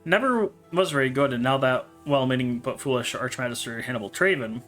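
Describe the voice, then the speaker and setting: A man's voice: medium pitch, brisk, a bit bright, soft background music, lightly acted. A man reading the lines of a very old man in a storybook, sweet-natured but suddenly spiteful. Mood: vicious.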